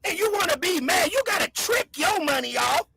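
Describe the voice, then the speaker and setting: Woman host, very high and bright voice, loud mocking livestream roast. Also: expressive, normal speed, gravelly, dry recording. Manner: loud, mocking, shouting insults. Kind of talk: insulting livestream rant.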